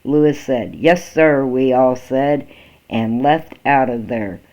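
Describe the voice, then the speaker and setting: Slow halting male story reader. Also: medium pitch, warm tone. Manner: slow, halting reading with restarts. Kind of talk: first-person story narration. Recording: dull lo-fi recording.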